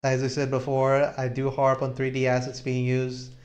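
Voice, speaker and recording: Halting male stream host. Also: mid-range voice. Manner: relaxed, halting, with many restarts. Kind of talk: casual chat on a live stream.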